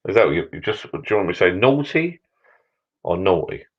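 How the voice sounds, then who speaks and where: Man, middle-aged, very low voice, rambling jokey live-stream host, dull lo-fi sound. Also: sing-song, a little fast. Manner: rambling, jokey, repeats words. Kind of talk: casual live stream chat. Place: backyard garden bar shed.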